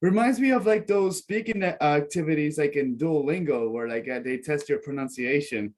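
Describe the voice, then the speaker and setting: A man's voice: fairly high pitch, moderate pace. A man joining an online session to chat casually, filling his speech with "like". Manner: chatty, fills speech with "like". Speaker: audience participant commenting. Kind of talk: casual conversational remark.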